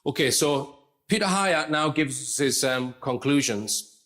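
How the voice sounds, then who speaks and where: A man's voice: mid-range voice, slow pace, fairly bright tone. A man presenting a lecture-style commentary, explaining step by step in a conversational way. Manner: conversational, explains step by step, frequent "okay" and "right".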